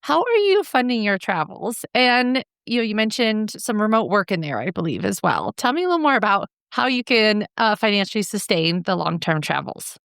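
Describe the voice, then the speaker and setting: A woman's voice: mid-range voice, sing-song, normal speed, vocal fry, few pauses, a bit bright, clear, resonant tone, no echo, studio quality. A woman hosting a podcast, asking a guest interview questions in an affirming way. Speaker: podcast host.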